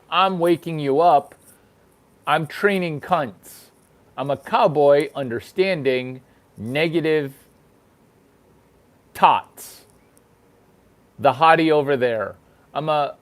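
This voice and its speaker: A man hosting his own show, delivering a crude, rambling comedic monologue that repeats itself. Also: a little high. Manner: crude, provocative, repeats himself. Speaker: host. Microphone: single microphone, no sound effects.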